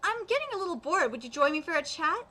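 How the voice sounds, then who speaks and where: A woman's voice: very high voice, big pitch swings, fast, pushed and bright, exaggerated voice. A woman reading the part of a sly, teasing male exorcist aloud, stumbling over words with frequent fillers. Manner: read aloud with hesitant fillers.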